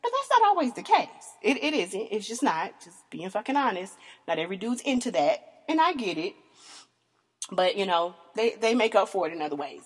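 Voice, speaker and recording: A woman's voice: sing-song, brisk, breathy edge, in a large hall. A Southern American woman in her thirties, hosting a podcast and telling candid stories, profane and laughing often. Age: 30s. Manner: frank, profane, laughs often, voice leaps high in mock disbelief. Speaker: podcast host. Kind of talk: candid casual storytelling.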